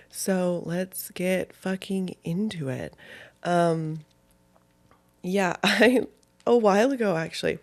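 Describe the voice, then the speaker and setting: Chatty young woman, low-spirited podcast host. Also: darkish tone. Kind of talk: casual solo podcast chat.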